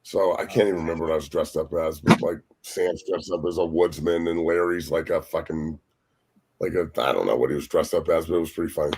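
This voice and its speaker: A man, a former pro football lineman, telling loud, profane stories as a guest on a sports talk show. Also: a bass voice, steady tone, quick pace, breathy edge. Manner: loud, profane, laughing storyteller. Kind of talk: casual storytelling.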